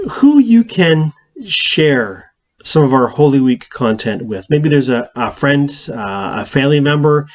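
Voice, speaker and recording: A man's voice: medium pitch, lively intonation, moderate pace. Earnest pastor man with lots of fillers. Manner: earnest, pleading, many filler words. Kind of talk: casual church announcements.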